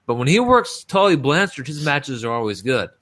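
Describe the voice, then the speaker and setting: A man's voice: mid-range voice, sing-song, moderate pace, a bit bright. A man co-hosting a podcast, giving a blunt, profanity-laced play-by-play recap of old wrestling matches in casual chat. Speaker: podcast co-host.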